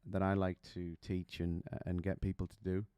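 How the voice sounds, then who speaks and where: Low, mellow-voiced male vocal coach. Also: monotone, moderate pace, clear, resonant tone, no echo. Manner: chatty, explains with demonstrations and anecdotes. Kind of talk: singing lesson to camera.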